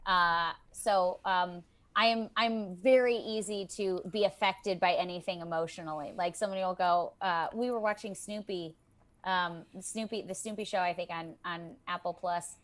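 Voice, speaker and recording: Animated woman on a video call. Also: fairly low pitch. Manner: animated and emotional, quick restarts. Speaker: voice actor guest. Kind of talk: casual interview chat.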